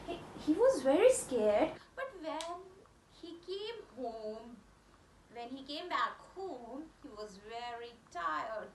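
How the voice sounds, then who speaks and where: A woman's voice: high voice, sing-song, takes it slowly, reverberant, a little hiss or hum, rough recording. A woman teaching vocabulary, spelling words out letter by letter and repeating phrases. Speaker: English teacher. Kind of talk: slow spoken vocabulary lesson.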